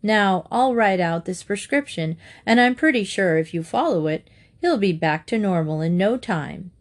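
A woman reading as a booming jolly doctor. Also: lively intonation, normal speed, lightly acted. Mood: reassuring. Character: hearty, booming small-town male doctor.

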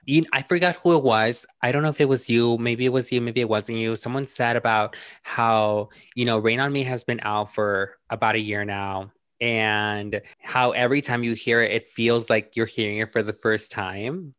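Young dude on a podcast, laid back, lots of likes and ums, dry sound. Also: male voice, mid-range voice, moderate pace, few pauses, clean tone, no room sound. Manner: relaxed, rambling with filler words. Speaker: podcast co-host. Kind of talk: casual chat.

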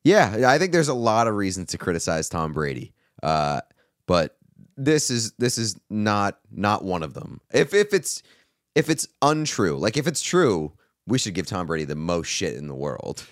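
A man's voice: lowish voice, sing-song, normal speed, no room sound, clean studio sound. A man co-hosting a podcast in casual chat, making wry, sarcastic quips. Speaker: podcast co-host.

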